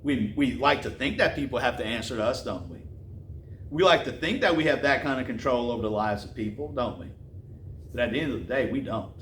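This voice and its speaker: A man's voice: medium pitch, expressive, a bit bright, a little hiss or hum. Man preaching in a roomy space. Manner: reads scripture slowly, then retells it in casual slang. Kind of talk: sermon with scripture reading.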